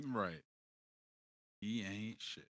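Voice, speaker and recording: A man co-hosting a podcast in casual chat, relaxed and slangy, laughing easily. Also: lowish voice, no room sound. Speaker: podcast co-host.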